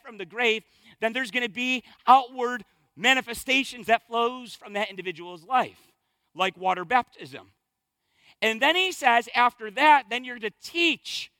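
A man preaching a sermon as pastor, with energetic, emphatic delivery and punchy repetition. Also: very high-pitched, no echo.

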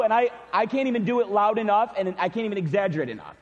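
A middle-aged man preaching a sermon, telling a personal story in an animated way. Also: very high voice, fast talker, hardly any pauses, in a large hall, dull audio, a faint crowd. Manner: animated storytelling, shouts when acting out cheers. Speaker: pastor. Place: church sanctuary.

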